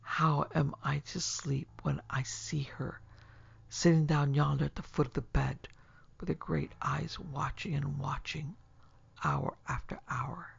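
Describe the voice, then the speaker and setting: Storybook role: woman voicing a rambling, whispering feverish young man; gravelly, husky. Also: sits low, steady tone, normal speed, highs cut off, full character voice. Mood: haunted, feverish. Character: feverish tormented young male student.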